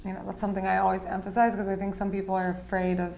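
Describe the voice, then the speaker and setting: Chatty woman guest, animated storytelling. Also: medium pitch, racing, gravelly, slight background noise. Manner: animated, heavy use of "like". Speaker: guest photographer. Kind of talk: casual interview chat.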